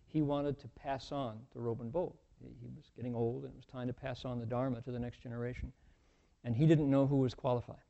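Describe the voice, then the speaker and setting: A man's voice: mid-range voice, warm tone, dull audio. A man giving a folksy, humorous dharma talk, telling a story with many asides. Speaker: dharma teacher.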